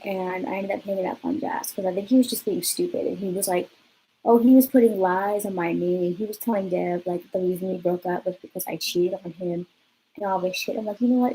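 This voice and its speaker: A woman's voice: fairly low pitch, warm tone, a little hiss or hum, rough recording. A young woman vlogging, telling a story in a blunt, chatty way and swearing freely. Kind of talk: casual storytime vlog.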